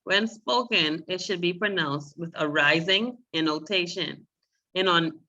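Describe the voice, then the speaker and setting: A woman's voice: fairly low pitch, a little slow, pushed and bright, muffled recording. A woman teaching a beginner Spanish class, explaining patiently step by step and calling on students.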